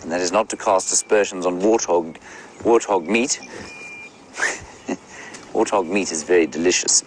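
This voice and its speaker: A man's voice: low voice, measured pace, a little hiss or hum, rough recording. A middle-aged man working as a safari guide, chatting live outdoors in a wry, wordy way and answering viewer questions. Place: outdoors in the bush beside a safari vehicle.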